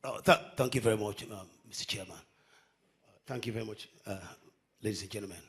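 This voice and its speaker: Man, gravelly, halting, formal, audience question. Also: lowish voice, fairly bright tone. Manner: halting, formal, many fillers. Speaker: audience member asking a question. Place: conference hall.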